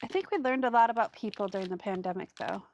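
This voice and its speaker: A woman's voice: mid-range voice, fast, darkish tone, a little hiss or hum. A woman hosting a live crafting stream, chatting loosely with viewers as she works. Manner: chatty and rambling, greets viewers while working. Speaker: craft video host. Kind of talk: casual live crafting chat.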